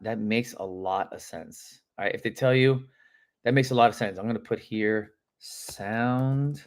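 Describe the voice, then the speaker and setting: A medium-pitched man leads a live session coaching real estate agents. He's emphatic and lively, performing sample phone calls and addressing viewers by name.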